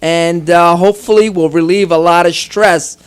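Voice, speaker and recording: Male loan officer guest, slightly high, calm explanatory advice. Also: normal speed, clean tone. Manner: steady, explanatory. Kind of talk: radio advice talk. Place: radio studio.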